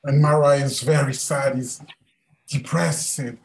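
A man telling a story to a group in a hesitant, unhurried way. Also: medium pitch, steady tone, gravelly, darkish tone. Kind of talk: casual storytelling.

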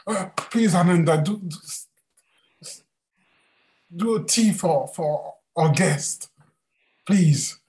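A man voicing a calm, kind spiritual teacher who speaks gently and soothingly. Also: high voice, slow, long pauses, pitched above the performer's own voice. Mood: welcoming.

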